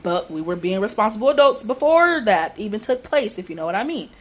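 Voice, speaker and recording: A young woman telling a personal story on her vlog in a casual, emotional, animated way with everyday slang. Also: mid-range voice, brisk. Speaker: vlogger.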